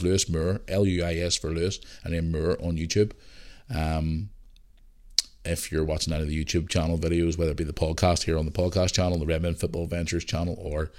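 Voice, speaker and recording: A man from Belfast with a low, deep voice and a Northern Irish accent talks through listener questions on his solo podcast. His chat rambles loosely and is full of restarts and fillers, with the odd swear word thrown in. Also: darkish tone. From Northern Ireland. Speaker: podcast host.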